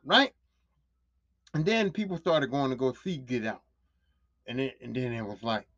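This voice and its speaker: Profane, animated woman podcaster, dull lo-fi sound. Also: medium pitch, a little fast, dry recording. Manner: animated, profane, repeats phrases for emphasis. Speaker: podcast host. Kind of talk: casual solo podcast rant. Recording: dull lo-fi dry recording.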